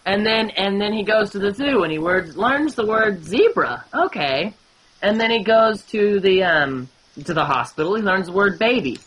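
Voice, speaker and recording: A woman's voice: medium pitch, expressive, normal speed, a bit bright, slight background noise, low-quality recording. A woman casually telling jokes as a gameplay commentator, laughing at her own punchlines.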